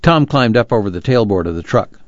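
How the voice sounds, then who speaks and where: A man narrating an audiobook in a measured, even reading. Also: on the low side, no room sound, dull audio.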